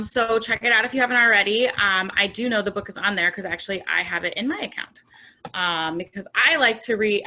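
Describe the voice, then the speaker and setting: A woman's voice: medium pitch, bright, forceful tone. A woman hosting a bookstore author Q&A on a video call, reading audience questions in an upbeat, chatty way. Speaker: bookstore event host. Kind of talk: moderating a Q&A. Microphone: home computer mic on video call.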